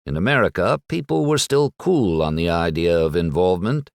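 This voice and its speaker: A man reading an audiobook in a measured, dramatic storytelling manner. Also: sits low, lively intonation, creaky, dry recording, clean studio sound. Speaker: audiobook narrator. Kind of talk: scripted audiobook narration.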